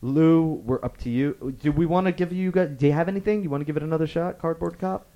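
A man hosting and judging a casual game among friends, upbeat and quick, often laughing. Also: on the high side, mellow, highs cut off. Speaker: game host and judge.

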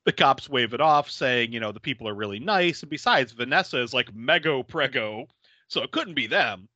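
Man, lively movie recap, bright, very expressive pitch, dry muffled recording. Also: moderate pace, dry recording. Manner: animated, laughs often, acts out characters' lines. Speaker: podcast host recapping a film. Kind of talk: casual movie recap chat.

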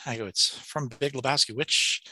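Middle-aged man, casual podcast co-host, animated storyteller with a very bright, dry close sound. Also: mid-range voice, moderate pace, no room sound. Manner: animated storyteller, laughs often, acts out quotes. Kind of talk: casual chat.

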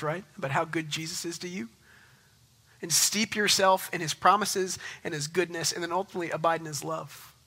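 A pastor in his thirties delivers a sermon in a bright, forward voice pitched a little above most men. He speaks conversationally and earnestly. He climbs to emphatic peaks, then settles back to a quieter, confiding tone.

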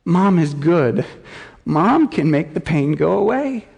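A middle-aged male pastor preaches earnestly from the pulpit, his somewhat high voice carrying through the long reverb of a church sanctuary. When he gives voice to prayers of lament, he lifts them into rising, pleading cries. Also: very animated, slow, gravelly, darkish tone, husky. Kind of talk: sermon.

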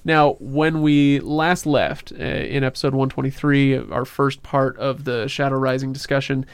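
A man's voice: mid-range voice, steady tone, normal speed, clean tone, dry recording. A man hosting a casual podcast, talking in a loose, joking way with plenty of filler words. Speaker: podcast host.

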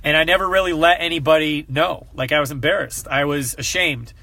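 A man with a slightly high, forceful voice, speaking earnestly to a group as a coach. His delivery is heartfelt and emotional, and he fights back tears. The sound is dry, with almost no room echo. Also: fairly quick, creaky. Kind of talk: heartfelt personal talk to a group.

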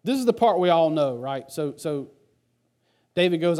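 A man's voice: fairly high pitch, animated, normal speed, a little mellow. A male pastor preaching a sermon in a conversational, storytelling way.

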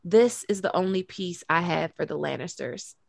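A woman's voice: lowish voice, vocal fry. A woman reading aloud the part of a stern, principled young male lord who speaks grimly. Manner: grim, measured.

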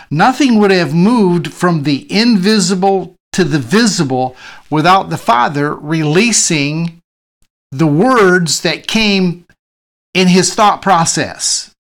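A man's voice: fairly high pitch, a bit bright. A man as pastor preaching a sermon, reading scripture aloud and then teaching from it with frequent restarts.

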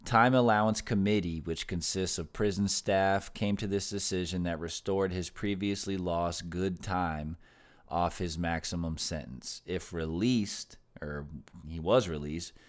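A man hosting a podcast, reading news stories aloud and then riffing on them casually with slang and swearing. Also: low voice. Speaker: podcast host.

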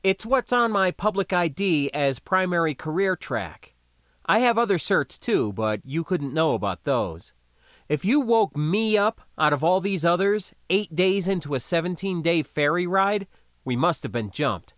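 A man's voice: sits high, animated, a little slow, a bit bright, no room sound, studio quality, voice pushed up. A man voicing a sick, wheezing male gunner just thawed from cryosleep, pressing questions in a strained, raised voice. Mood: insistent.

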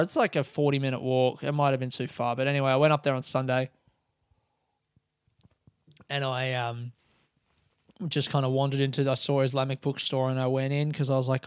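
A man's voice: mid-range voice, a little fast, clean tone, no echo, clean studio sound. A man with an Australian accent hosting a solo podcast, telling rambling stories in casual chat full of swearing. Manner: rambling, heavy swearing, animated storytelling.

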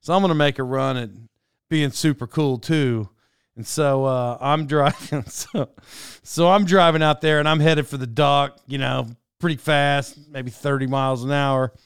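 A middle-aged man, the storyteller, shares a casual personal anecdote, rambling and poking fun at himself with lots of fillers and chuckles. His medium-pitched voice is clear and resonant, with fairly even intonation at a normal speed. The recording is dry and studio-clean.

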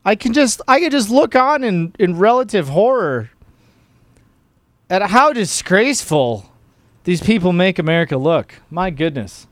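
A man's voice: high-pitched, big pitch swings, moderate pace, no echo, clean studio sound. A man hosting a political commentary show, talking casually in a mocking, exasperated, sarcastic way.

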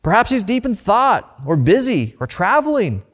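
A man voicing a bold, taunting male prophet who mocks his rivals, raising his voice high. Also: very animated, normal speed. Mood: mocking. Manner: mocking, boastful.

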